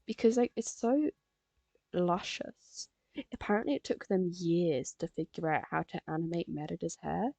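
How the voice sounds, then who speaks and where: A woman's voice: on the low side, normal speed, gravelly, darkish tone, dry recording. A teenage girl from England, rambling casually on a live stream while she draws, full of fillers. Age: teens. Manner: rambling, chatty, frequent fillers. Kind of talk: casual chat while drawing.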